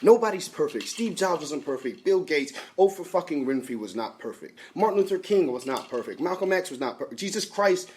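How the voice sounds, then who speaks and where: A man co-hosting a podcast, chatting casually with lively, encouraging remarks and quick interjections. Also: on the high side, a little hiss or hum. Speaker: podcast co-host. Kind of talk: casual chat.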